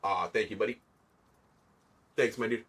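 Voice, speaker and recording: A man with a lowish, fairly bright voice and fairly even intonation speaks at a moderate pace, with a little hiss or hum in the audio. He streams a video game, chatting casually with viewers and thanking them as he plays.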